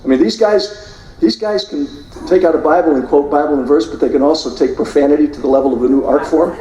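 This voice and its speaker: An older man giving a forceful speech, narrating combat footage and mimicking the people he quotes. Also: on the high side, fast, background noise. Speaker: guest speaker. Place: hotel banquet hall. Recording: echoey hall, voice from far off.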